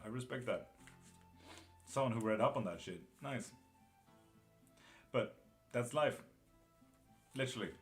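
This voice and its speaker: A man reading tarot live, chatting casually and bluntly with viewers, calling them by name and swearing now and then. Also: lowish voice. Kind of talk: casual live-stream chat.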